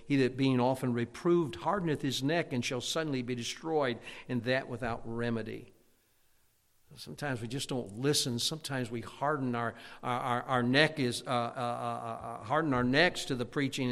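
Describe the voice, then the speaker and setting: A man preaching a fiery sermon as pastor, loud and emphatic, with stammered restarts. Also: medium pitch, moderate pace. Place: church sanctuary. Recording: long church reverb.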